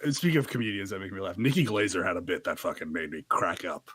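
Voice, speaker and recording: A man's voice: sits low, lively intonation, fast talker, a bit bright, breathy edge, no echo. A man co-hosting a podcast, chatting casually with wry humor and frequent laughter. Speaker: podcast co-host. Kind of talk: casual chat.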